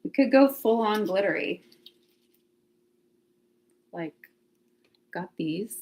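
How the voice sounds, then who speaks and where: A woman's voice: medium pitch, animated, takes it slowly, a little mellow. A woman hosting a casual livestream from her home, chatting to viewers and thinking aloud with frequent laughs. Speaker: livestream host. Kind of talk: casual live chat to viewers. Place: home, near laundry closet.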